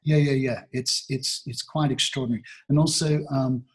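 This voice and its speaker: His medium-pitched voice is steady and paced normally, with a little hiss or hum in the background. A talent agency founder from Australia in his sixties, he gives a reflective interview, full of fillers and restarted thoughts.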